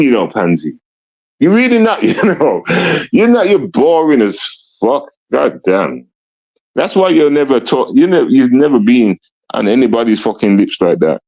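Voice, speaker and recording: A man's voice: mid-range voice, darkish tone, poor audio. A man livestreaming, ranting at his chat in a profane, confrontational way, rambling and restarting his sentences. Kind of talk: live stream rant at chat.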